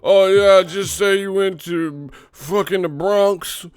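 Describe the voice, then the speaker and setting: A man's voice: high voice, takes it slowly, smooth, soft background music, pitched above the performer's own voice. A man mocking a whiny internet commenter.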